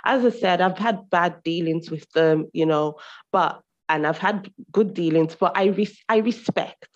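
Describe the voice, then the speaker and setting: A woman's voice: fairly low pitch, a little slow. Female speaker from Nigeria, casual podcast talk, emphatic with repeated phrases, muffled lo-fi audio. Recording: dull lo-fi recording.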